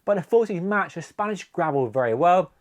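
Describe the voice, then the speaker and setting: A man talking through a bike review in a measured, conversational way. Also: high voice, expressive, no room sound, clean studio sound. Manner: measured, conversational product comparison. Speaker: cycling reviewer.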